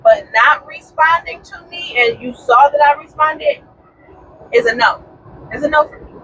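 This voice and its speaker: Young woman, high swoopy voice, far from the mic, muffled and noisy. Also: normal speed. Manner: expressive, defensive and playful. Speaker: podcast co-host. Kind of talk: casual chat. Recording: distant, dull, noisy sound.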